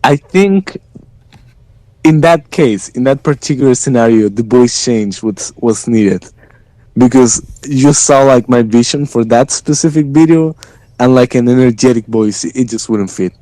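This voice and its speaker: A man who creates a game, chatting casually, relaxed and explaining at length with casual swearing. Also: mid-range voice, a little slow, dry recording, poor audio. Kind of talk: casual chat in a voice chat.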